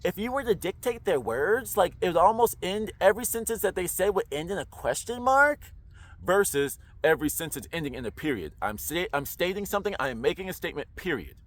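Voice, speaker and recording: Lively slangy man giving advice. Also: sits high, a little fast. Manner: slangy, roundabout, rhetorical questions. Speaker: online commentator. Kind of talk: casual monologue to camera.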